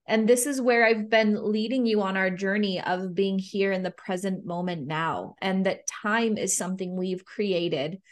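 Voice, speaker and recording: A woman hosting a podcast interview who speaks reflectively and addresses her listeners like a teacher. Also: mid-range voice. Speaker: podcast host.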